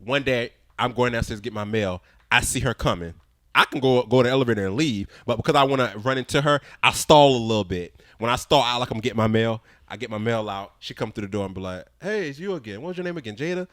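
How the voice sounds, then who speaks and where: A man's voice: medium pitch, fast, no room sound, clean studio sound. A young man co-hosting a podcast, telling a story in a blunt, direct way and acting out both sides of the conversation. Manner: animated, acts out both sides of conversations in quoted voices. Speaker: podcast co-host. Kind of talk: casual storytelling chat.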